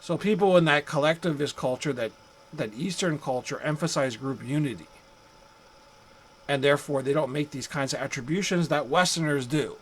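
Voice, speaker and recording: On poor audio with slight background noise, a man lectures on psychology in a relaxed, chatty style. He speaks at normal speed in a voice on the high side, making rhetorical asides and acting out angry drivers in this recorded classroom lecture.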